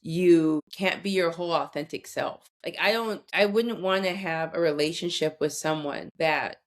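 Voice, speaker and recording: A woman's voice: fairly low pitch, normal speed. Candid woman in her forties. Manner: candid storytelling, earnest and direct. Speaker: guest expert on conflict. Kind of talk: casual podcast conversation.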